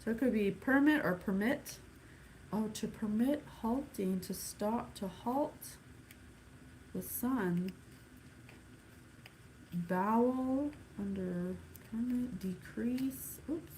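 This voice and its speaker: A woman giving a casual psychic reading, thinking aloud with sighs and halting pauses. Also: on the high side, warm tone, slight background noise, low-quality recording. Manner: musing, sighing, thinking aloud; slow, halting, counts things off one by one. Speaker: psychic reader. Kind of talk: casual spirit reading to camera.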